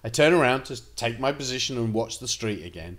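A man tells stories to his camera with a lively voice that swoops up and down as he goes. He rambles, swears freely and keeps the talk casual, at a middle pitch. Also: brisk. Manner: animated, profane, rambling anecdotes. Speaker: vlogger.

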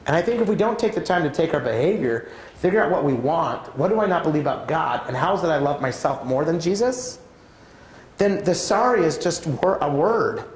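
A man giving a preaching talk at a church conference, telling personal stories in an animated way. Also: a little fast. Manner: animated, swings pitch widely while acting out stories. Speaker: conference speaker. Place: church auditorium. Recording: roomy church hall sound.

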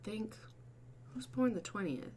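A woman hosting a casual livestream, chatting with her viewers, swearing and breaking into bursts of excited shouting. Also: medium pitch, measured pace. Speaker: livestream host.

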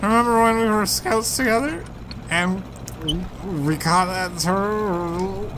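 A man voicing a drunk, clingy young woman cat who keeps apologizing, in a high, sing-song reading of game dialogue. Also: noisy background. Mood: pleading. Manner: reads in a high, sing-song voice with drawn-out words.

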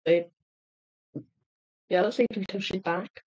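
A woman giving casual let's-play commentary, excitable and talking aloud to the animals in her game. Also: medium pitch, normal speed, slightly rough, dull audio. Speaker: gameplay streamer.

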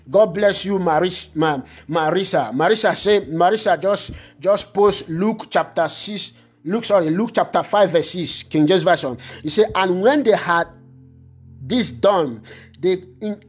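Fervent preacher with a husky voice. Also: male voice, high voice. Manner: fervent preaching with repetitions and prayer in tongues. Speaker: pastor. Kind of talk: online prophetic sermon and prayer.

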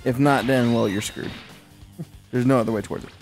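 A man in his twenties commentating a fighting game with a friend, excitable, laughing and swearing as he trash-talks. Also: medium pitch, fairly quick, music in the background. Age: 20s. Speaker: gaming commentator. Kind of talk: casual let's-play banter.

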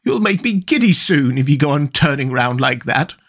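Old sheep shopkeeper voiced by a man, dry, tart, unhurried, storybook. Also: a little high, sing-song, a bit bright, exaggerated voice. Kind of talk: audiobook character voice.

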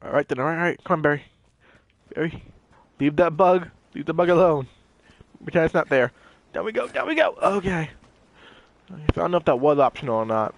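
A young man giving animated gameplay commentary, talking to the characters on screen as he plays. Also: on the high side, a little fast, pauses often, dull audio. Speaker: gaming channel host.

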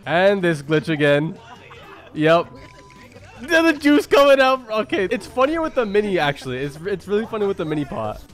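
Calling everyone "bro," a high-voiced man hosts a reaction video with casual, excited talk and rapid-fire exclamations.

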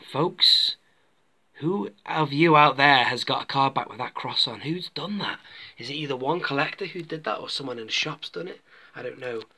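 Bright chatty guy rambling through a toy review, keeps saying folks. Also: mid-range voice.

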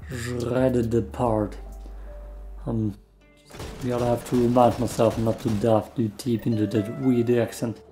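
Brief: unhurried gamer guy, dark gravelly tone, muttering play-by-play, faint background music. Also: medium pitch, flat delivery. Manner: mumbling, self-deprecating play-by-play. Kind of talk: casual gameplay commentary.

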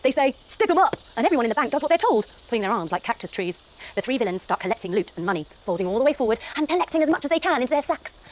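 A woman telling an animated yoga story for children, mixing pose cues with gasps and sound effects. Her voice sits a bit high and swings widely in pitch. A faint hiss runs under it. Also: racing. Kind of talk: kids yoga story narration.

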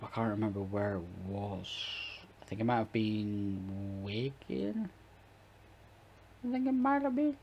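A man commentating live on his football-management game, chatting to viewers and shouting and swearing at the match as it plays. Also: fairly low pitch, husky, muffled recording. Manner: talks to viewers, chatty and rambling. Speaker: gaming YouTuber.

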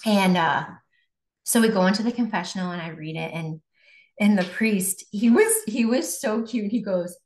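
A woman's voice: mid-range voice, normal speed, darkish tone. Candid woman telling her story, roomy sound. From Buffalo, New York. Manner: candid, emotional storytelling with frequent restarts. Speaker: guest. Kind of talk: personal faith testimony. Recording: roomy echo.

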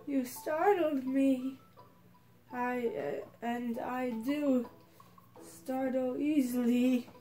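A timid, easily startled male hat spirit from a video game, put on by a woman. He speaks hesitantly and stammers through his apologies in a slightly high voice, over faint game music. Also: mellow.

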